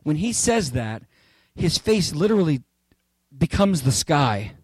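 A man delivers a sermon with insistent repetition, climbing in pitch and force on the phrases he stresses. His voice sits a little high for a man. The sound is dry and close, with no room echo. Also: very animated, a little slow, breathy edge. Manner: emphatic, repetitive, rising to near-shouts on key phrases. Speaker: pastor. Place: church.

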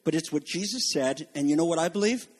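High-voiced fervent preaching man. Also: animated, fast, husky. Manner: emphatic, rising to fervent peaks; addresses congregation as folks. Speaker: pastor. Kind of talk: sermon.

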